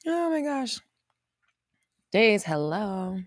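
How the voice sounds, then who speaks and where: A woman's voice: mid-range voice, big pitch swings, drawn-out words, no echo, studio quality. A woman hosting a casual livestream, greeting viewers by name and reading out their comments in a chatty way. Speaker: livestream host.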